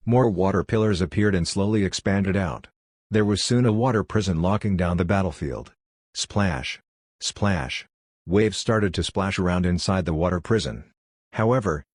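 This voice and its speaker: A man reading a fantasy audiobook as narrator in a steady, even storytelling delivery. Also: low voice, moderate pace, no room sound, studio quality. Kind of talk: scripted narration.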